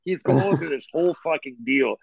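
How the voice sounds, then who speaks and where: Gravelly man telling profane stories. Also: a little high, moderate pace, a crowd in the background. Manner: profane, rambling anecdotes. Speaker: guest musician. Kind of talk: casual storytelling chat. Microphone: earbuds. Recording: dull lo-fi remote audio.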